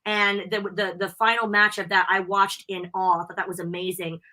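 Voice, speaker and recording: A bubbly young American woman, a wrestling interviewer and guest, talks fast and freely in a casual live podcast interview. Her mid-range voice is bright and forward, and she tells stories with plenty of lift and animation.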